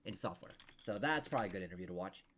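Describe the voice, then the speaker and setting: A man's voice: deep voice, animated, rapid-fire, a bit bright, slight background noise. A man coaching over a video call, rambling casually with many restarts and fillers. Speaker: interview coach.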